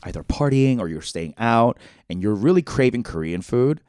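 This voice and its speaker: A young adult man co-hosting a podcast, telling stories in a lively, swearing way and acting out the voices of people he quotes. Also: normal speed, dry recording, clean studio sound. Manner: animated storyteller, swears, acts out quoted voices high and loud. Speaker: podcast co-host. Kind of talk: casual chat.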